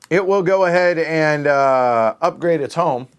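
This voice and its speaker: A man's voice: mid-range voice, animated, moderate pace. A man hosting a solo board game play-through, thinking aloud and muttering counts under his breath as he works out each move.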